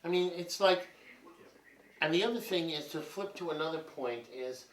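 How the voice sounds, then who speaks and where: A man's voice: on the high side, normal speed, a little hiss or hum. A man in his fifties telling rambling, profane stories in a candid monologue. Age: 50s. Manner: profane, rambling, animated storytelling. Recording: roomy and distant from mic.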